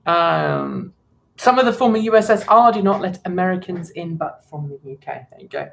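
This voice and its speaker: A woman's voice: on the low side, normal speed, creaky, slight background noise. Chatty British woman in a roomy room. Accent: British English. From Britain. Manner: rambling, self-deprecating, chuckles often. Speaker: co-host of an electric car show. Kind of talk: casual livestream chat. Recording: roomy echo.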